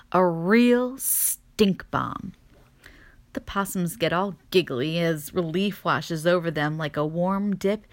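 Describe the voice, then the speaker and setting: A woman narrating a children's storybook in a gentle, expressive reading voice. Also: lowish voice.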